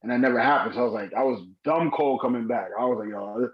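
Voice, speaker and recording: Husky 30s guy shooting the breeze, lots of slang and laughs, lo-fi muffled sound. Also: medium pitch, fast. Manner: laid-back slang, laughs often. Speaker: podcast co-host. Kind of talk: casual chat. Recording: muffled lo-fi mic.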